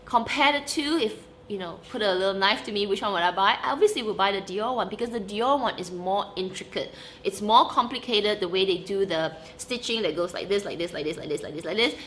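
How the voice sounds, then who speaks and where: At a fairly quick pace and medium pitch, a young vlogger chats casually to camera. She's animated and emphatic, laughs frequently and keeps driving points home with "okay?", over a slight hiss or hum.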